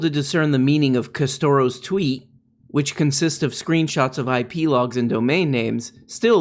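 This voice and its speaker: A man's voice: mid-range voice, moderate pace. A man giving casual, mocking commentary, often dropping into mock voices. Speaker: political commentator.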